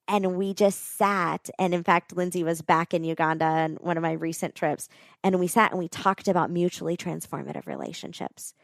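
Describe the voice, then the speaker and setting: A woman telling a heartfelt story as a podcast guest, earnest and animated, with many casual fillers. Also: on the low side, dry recording, clean studio sound. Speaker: podcast guest, nonprofit co-founder.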